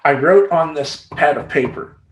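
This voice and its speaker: A man's voice: on the high side, normal speed. A middle-aged man coaching in a casual, emphatic vlog monologue full of streetwise slang. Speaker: life coach. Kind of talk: talking-head vlog monologue. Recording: roomy echoey room.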